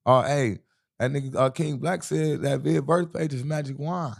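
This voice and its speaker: A man's voice: fairly high pitch, moderate pace, vocal fry. A young man from the US Midwest, a rapper guest in an interview, telling a rambling, profane street story and often asking "you know what I'm saying".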